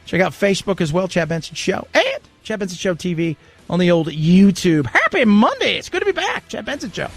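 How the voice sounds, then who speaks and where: A man's voice: sits high, very animated, fairly quick, vocal fry, soft background music. A male talk radio host in his forties giving an indignant, sarcastic rant into a studio microphone. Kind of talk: opinionated talk radio monologue.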